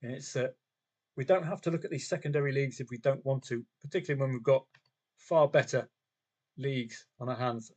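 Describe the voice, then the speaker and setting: With a medium-pitched, darkish voice and a fairly quick delivery, the same kind of football trading streamer keeps up casual live commentary on games and wagers, often asking rhetorical questions of viewers and himself. High frequencies are missing from the audio.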